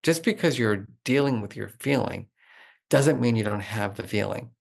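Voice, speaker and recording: A middle-aged man talking as a guest expert in an interview, animated and explanatory, with lots of "like" fillers. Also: lowish voice, normal speed, creaky. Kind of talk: conversational interview.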